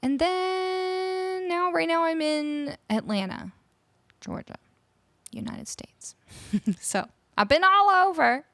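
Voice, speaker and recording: A woman's voice: sits high, big pitch swings, takes it slowly, creaky, pauses often, pushed and bright, no echo. A woman from Canada chatting casually on a live music stream, greeting viewers and reading out their chat messages. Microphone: studio microphone.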